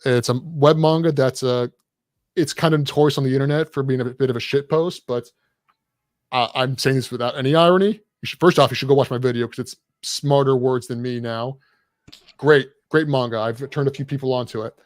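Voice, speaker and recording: A man's voice: mid-range voice, steady tone, brisk, no room sound. A man talking as a guest on a casual podcast, rambling and self-deprecating, with an irreverent streak. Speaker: guest content creator.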